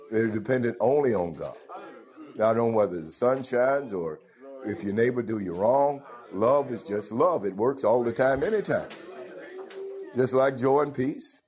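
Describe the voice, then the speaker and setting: The muffled recording captures a male preacher whose mid-range voice has a darkish tone. Throughout his sermon he calls out to the congregation, often asking "Huh?", and chuckles.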